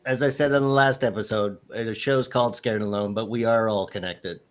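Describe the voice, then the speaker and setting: A man's voice: on the low side, steady tone, fairly quick. A man hosting a live paranormal show, guiding the others in a friendly way with many fillers. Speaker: show host.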